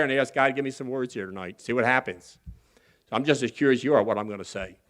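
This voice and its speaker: A man with a slightly high, somewhat bright voice is a guest speaker at a recovery convention. He tells his personal story in a folksy, candid and earnest way with some humor, acting out other people's voices when he quotes them.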